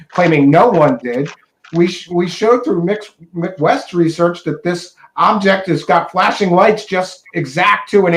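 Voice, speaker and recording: A man hosts a casual online chat, sounding a bit higher than most men. He talks in an easygoing, halting way with plenty of restarts. His voice rings in an echoey room. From Philadelphia, USA. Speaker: show host.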